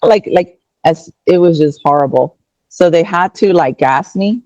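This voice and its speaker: A woman shares her own story in an easygoing chat. She tells it in an animated way, acting out her past lines. The sound is a little dull and lo-fi. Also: on the low side, a little slow, dry recording.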